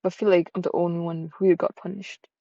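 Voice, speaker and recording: A woman's voice: lowish voice, little pitch movement, a little fast, warm tone, no room sound, highs cut off. A woman voicing a heartbroken, guilt-ridden young woman who was cursed, in a tearful, self-pitying confession.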